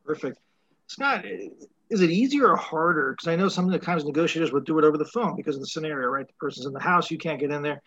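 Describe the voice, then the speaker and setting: A male host asks questions at a brisk clip, his voice a little higher than most. The sound is dry and somewhat muffled. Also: fairly bright tone, breathy edge, no echo. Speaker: podcast host. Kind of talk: interview questions.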